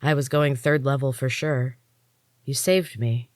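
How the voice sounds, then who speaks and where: A woman voicing a serene, earnest young woman in an audiobook reading, gentle and unhurried. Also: very deep voice, fairly even intonation, dry recording, studio quality.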